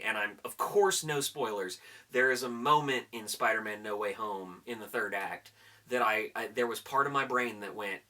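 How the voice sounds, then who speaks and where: A man doing a casual countdown of his favorite movies as a vlogger, excitable and hyping things up, swearing casually as he talks. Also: mid-range voice, normal speed.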